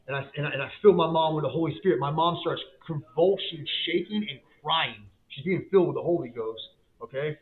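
A man, a business owner appearing as a guest, shares an emotional, fervent faith testimony as a story, using casual slang and often repeating himself or starting over. His voice sits on the high side, and he talks fairly quickly with few pauses. The audio sounds tinny, like a phone line.

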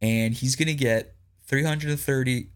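A man's voice: medium pitch, unhurried, smooth. A man hosting a political commentary podcast, reading news aloud and reacting in an incredulous, ranting way, repeating lines for emphasis.

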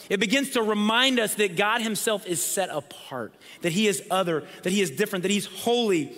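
A man's voice: high-pitched, bright, forceful tone, big-room sound. A man preaching a sermon, emphatic, building lists and repeating words for weight, sometimes dropping almost to a whisper. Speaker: pastor.

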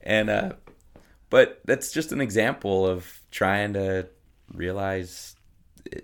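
A man in his thirties, a podcast guest, telling family stories in a casual, animated way and acting out his kids' voices. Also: fairly low pitch, takes it slowly. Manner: animated storyteller who acts out his kids. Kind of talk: casual storytelling.

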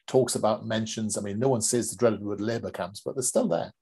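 A man hosting a podcast, talking in a measured, reflective way with frequent fillers as he introduces and questions a guest. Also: on the low side, vocal fry, mellow, husky. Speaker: podcast host. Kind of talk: conversational interview.

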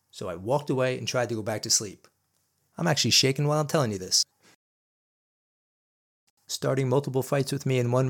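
Guy with a gravelly voice, earnest and blunt, telling his own story on a podcast. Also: medium pitch. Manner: earnest and intense, blunt with profanity. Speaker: podcast host. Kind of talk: personal storytelling monologue.

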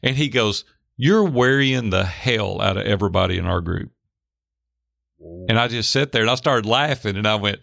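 A middle-aged man telling a personal story in an interview, lively, acting out the voices of the people in it. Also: mid-range voice, normal speed, creaky, no room sound, clean studio sound. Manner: animated, acts out quoted voices. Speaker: guest. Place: Hendersonville near Nashville.

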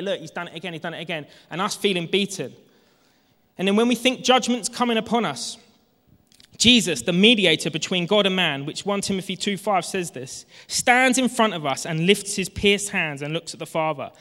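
A fervent preacher in his thirties delivers a sermon in a high, bright voice. He drops to near-hushed tones, then climbs to shouting. The sound carries the long reverb of a large hall. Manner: impassioned, swings from hushed to shouting. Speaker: pastor.

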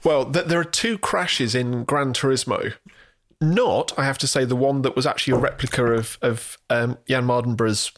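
A man's voice: medium pitch, normal speed. A man co-hosting a podcast, chatting casually about films with easy restarts and laughter. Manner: relaxed, trails off and restarts, laughs along. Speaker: podcast co-host. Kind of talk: casual film review chat.

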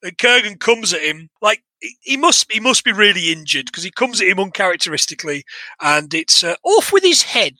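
An English man casually retelling a film plot to a co-host, animated and chatty, laughing and swearing now and then. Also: high voice, fairly quick, no echo, rough recording. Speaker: podcast co-host. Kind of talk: casual film recap chat.

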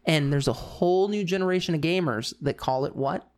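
A man's voice: a little high, a little fast. A middle-aged man co-hosting a podcast, telling stories in a casual, amused way and often repeating himself. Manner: storytelling, amused, repeats "I'm like". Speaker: podcast co-host. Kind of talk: casual chat.

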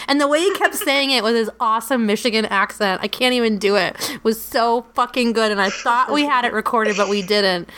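Bright-voiced woman, casual podcast host. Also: a little high, moderate pace. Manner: rambling, swears freely, laughs often. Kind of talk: casual podcast outro chat.

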